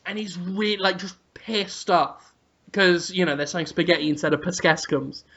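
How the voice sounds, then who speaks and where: A man's voice: sits high, normal speed. A man telling an absurd, vulgar comic story as a podcast co-host. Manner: animated, vulgar, deadpan absurd. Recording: dull lo-fi audio.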